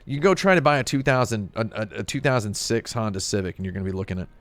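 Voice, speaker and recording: Deadpan low-voiced man on a comedic rant. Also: fast, no echo. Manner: sardonic, deadpan storytelling with mock-outraged rising bursts. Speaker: streamer.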